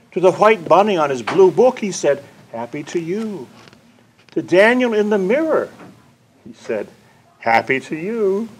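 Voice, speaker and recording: Older man, library storytime reader: slow, lively sing-song delivery, a little higher than usual, faint room hiss. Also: rough recording. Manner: lively, playful sound effects and sing-song repetition. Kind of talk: reading a picture book aloud to children. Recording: faint room noise, community TV recording.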